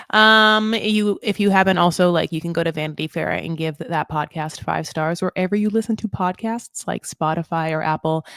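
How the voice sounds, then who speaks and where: A woman's voice: fairly low pitch, smooth, no room sound, studio quality. A woman hosting a live recap, talking casually and rambling with lots of fillers, tangents and playful self-mocking asides. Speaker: host of a live show recap. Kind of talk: casual live-stream chat.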